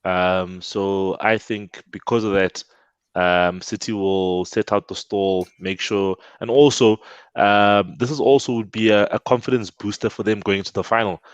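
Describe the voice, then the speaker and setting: Low-voiced man on a lo-fi call. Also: unhurried, clear, resonant tone, dry recording. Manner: excitable, repeats words when excited. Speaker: football podcast panelist. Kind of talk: casual football chat. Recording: dull lo-fi call audio, dry.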